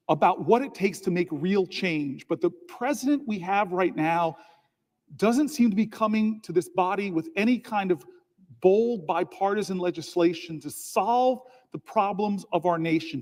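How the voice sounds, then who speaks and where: A man's voice: sits high, darkish tone. A man giving a long protest speech as a senator, telling stories, repeating words and building to emphatic peaks. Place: large legislative chamber. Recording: long reverb of a large chamber.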